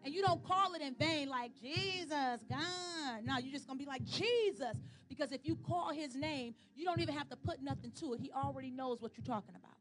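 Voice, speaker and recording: High-voiced woman leading church call-and-response. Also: fast, hardly any pauses. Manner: leads chanting and clapping, then talks casually to youth. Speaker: youth church worship leader. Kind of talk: call-and-response worship and sermon. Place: church service. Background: loud worship music.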